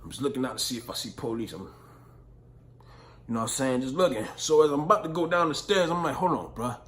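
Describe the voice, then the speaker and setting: A man's voice: mid-range voice, fairly quick, fairly bright tone. A young man vlogging, telling a story in casual slang, full of profanity and "you know what I'm saying".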